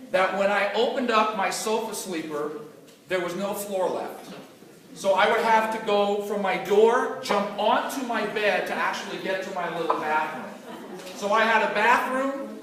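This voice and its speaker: Bright-voiced man telling stories at a seminar. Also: high voice, recorded from a distance. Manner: animated storytelling, emphatic repetition. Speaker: motivational business trainer. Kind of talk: motivational seminar talk. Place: large echoey room with live audience. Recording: echoey room from afar, faint noise.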